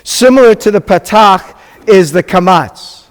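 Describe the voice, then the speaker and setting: A rabbi teaching a beginners' Hebrew class, patiently sounding out syllables and checking that the class is following. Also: male voice, high voice, expressive, a little slow. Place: congregation classroom or hall. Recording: long reverb of a hall.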